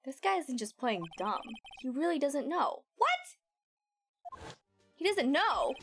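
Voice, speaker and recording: A woman streamer giving casual gaming commentary with quick, excitable reactions. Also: high-pitched, soft background music.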